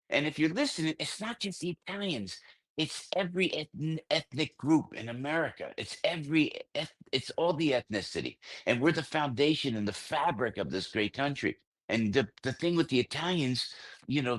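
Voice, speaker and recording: An older radio host, a man, telling a story as a guest in an excitable, rambling way, full of restarts and stammers. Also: medium pitch. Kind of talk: phone-in radio interview, storytelling.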